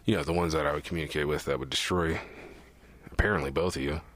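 Low-voiced young man joking around. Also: steady tone, fast talker, heavy background noise. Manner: laughs often, joking. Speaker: podcast co-host. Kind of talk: casual banter among friends.

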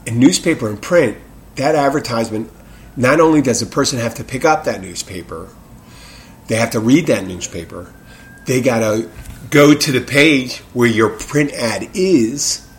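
A man's voice: medium pitch, measured pace. A man hosting his own podcast in a casual solo monologue, rambling and restarting his sentences, speaking frankly with the odd curse. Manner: rambling, self-interrupting, frank and profane. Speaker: podcast host.

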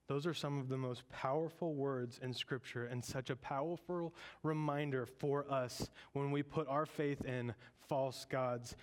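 A man preaching a sermon in a lively, conversational way, with joking asides. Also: mid-range voice, unhurried. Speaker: pastor.

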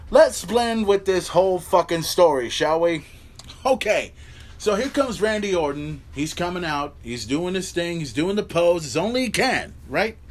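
A man with a slightly high voice rants through a recap on his podcast. He swears freely, keeps asking "right?", and sounds openly incredulous at what he watched. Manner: ranting, incredulous, heavy swearing, rhetorical "right?" asides. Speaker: podcast host. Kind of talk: profane wrestling recap rant.

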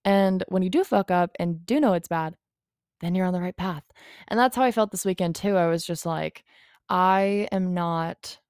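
A young woman hosts a solo podcast, rambling through a frank, confessional monologue and swearing freely. Her voice is lowish with a clean tone. The recording is dry, with clean studio sound.

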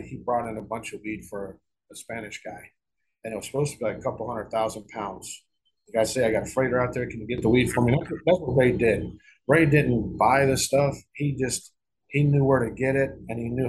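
A man's voice: medium pitch, husky, poor audio. A middle-aged man telling a long story in a casual interview, rambling and profane, with frequent restarts and repeated words. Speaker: guest author.

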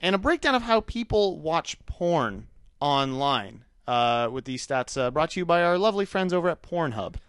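Animated, joking man on a podcast. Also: on the high side, normal speed, clear, resonant tone, no echo, studio quality. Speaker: podcast co-host. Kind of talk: casual podcast chat.

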